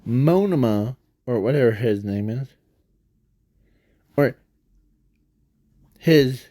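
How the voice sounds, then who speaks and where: A man's voice: medium pitch, expressive, slow pace, dark tone, no echo, studio quality. A man telling an unscripted fan story in a rambling, hesitant way, full of fillers and self-corrections.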